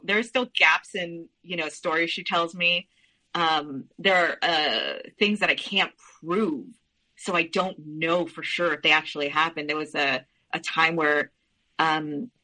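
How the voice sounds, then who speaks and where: A woman's voice: deep voice, sharp tone, rough recording. A woman as a podcast guest, telling a personal family story in an earnest, candid way with frequent restarts.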